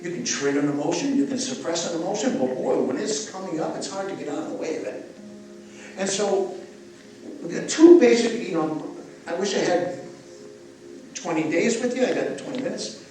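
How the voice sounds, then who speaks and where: An older man teaching breathing to a live audience, animated as he guides them through each breath. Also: sits high, moderate pace, long pauses, slight background noise. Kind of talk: live workshop talk to an audience. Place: live event venue. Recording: echoey event space, mic from far off.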